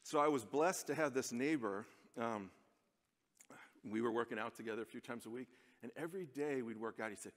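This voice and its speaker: A man's voice: mid-range voice, fairly quick. An American man giving a chatty, self-deprecating conference speech from a stage, laughing often. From United States. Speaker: conference speaker. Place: large conference hall. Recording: long reverb of a large hall.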